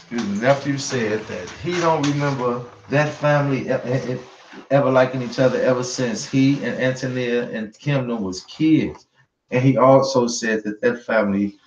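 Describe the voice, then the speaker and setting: A man's voice: mid-range voice, a little hiss or hum. Emphatic man ranting in a roomy, dull recording. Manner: emphatic, repeats points, talks straight to viewers, swears freely. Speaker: online news commentator. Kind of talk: casual commentary to viewers.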